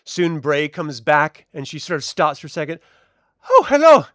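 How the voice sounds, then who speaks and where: A man's voice: a little high, steady tone, moderate pace, a bit bright, dry recording, studio quality. A man narrating as storyteller for a tabletop game, casual and rambling.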